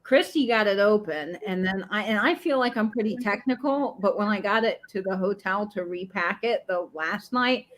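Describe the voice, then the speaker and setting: A woman on a live video call telling a long, animated story in a chatty way. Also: medium pitch, moderate pace, hardly any pauses, poor audio. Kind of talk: casual group chat.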